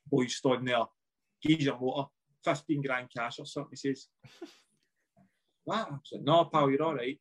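Scottish man swearing through a laughing story. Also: mid-range voice. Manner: swears freely and laughs through his stories. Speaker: guest, former footballer. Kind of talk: casual podcast chat.

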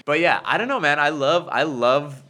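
A man talks in a casual podcast chat with a lively voice that swoops up and down and a bright, forceful edge. He is an animated comedian who laughs often and swears freely. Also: a little high, moderate pace, a little hiss or hum.

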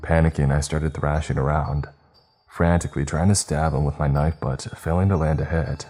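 A man narrating a first-person story in a steady, even retelling. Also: very deep voice, normal speed, breathy edge, soft background music.

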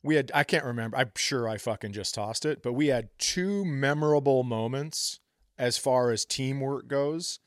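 A man in his forties trades jokes on a podcast in a relaxed, storytelling way, swearing freely. His voice sits at an ordinary middle pitch and is recorded close and dry, with no room sound. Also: normal speed, no echo. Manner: swearing, laid-back storytelling. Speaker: podcast co-host. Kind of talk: casual comedic chat.

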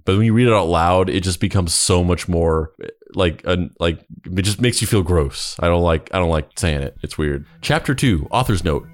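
A man's voice: low voice, a little slow. A man co-hosting a comedy podcast, reading a text aloud with wry, cringing commentary and frequent laughter. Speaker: podcast co-host.

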